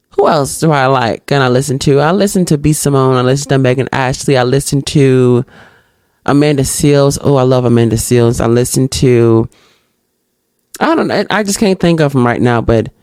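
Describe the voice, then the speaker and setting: The solo podcast host works through reflection questions, answering them with energy and bluntness while talking directly to listeners. Little scenes get acted out in higher-pitched voices. No room sound is present.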